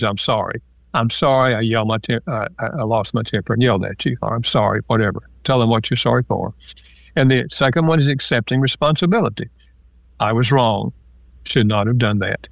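A man guest, an author and counselor, calmly explaining ideas step by step with examples in a relaxed interview. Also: medium pitch, vocal fry, no room sound.

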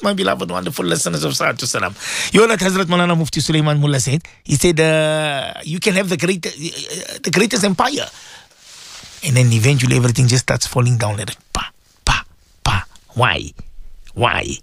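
A man's voice: fairly high pitch, fairly quick, gravelly, a bit bright, no room sound. A man hosting a morning radio show, talking in an emphatic, repetitive, preachy way. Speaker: radio host.

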